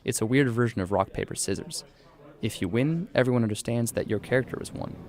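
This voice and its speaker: A man narrating a scripted radio news feature as a reporter, in a measured, even delivery. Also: medium pitch, background noise.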